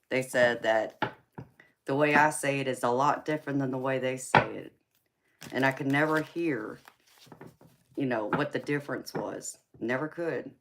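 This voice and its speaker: Her voice is a bass, with a bit of background noise behind it. Speaking in a Southern drawl though she's from California, this livestream tarot reader banters casually with her viewers, teasing them, laughing a lot and calling them honey and baby.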